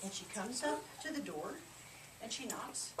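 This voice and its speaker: Animated high-voiced woman telling a fairy tale. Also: a little slow. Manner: animated, coaxing, prompting children to repeat lines. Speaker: storyteller leading children in a play. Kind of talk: narrating a fairy tale for children to act out. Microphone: camcorder mic from a distance. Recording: echoey room, camera far off, noisy.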